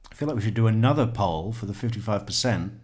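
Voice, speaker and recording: A man's voice: lowish voice, expressive, quick pace, a little mellow. A man hosting a casual true crime livestream, rambling and chatting with viewers, swearing often and laughing at himself.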